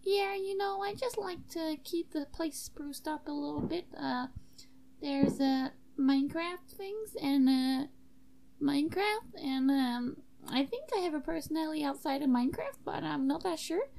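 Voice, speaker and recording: A tipsy woman voicing a bubbly, rambling emo girl student in a high sing-song voice. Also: animated, a little slow, creaky, darkish tone, full character voice. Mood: chatty.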